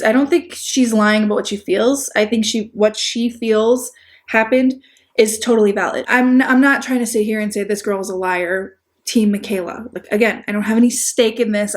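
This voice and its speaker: A woman with a Chicago accent giving rambling, sarcastic commentary on a video, with frequent restarts and asides. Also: on the high side. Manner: sarcastic, rambling, self-deprecating. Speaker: commentary YouTuber. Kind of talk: casual video-essay commentary.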